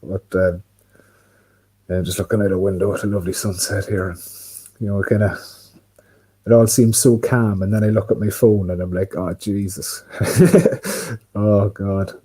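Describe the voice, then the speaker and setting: Husky low-voiced Irish man rambling. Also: steady tone, moderate pace, long pauses, dark tone, rough recording. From Ireland. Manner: rambling, lots of fillers and swearing. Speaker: livestream host. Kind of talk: casual rambling livestream monologue. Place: indoors by a window.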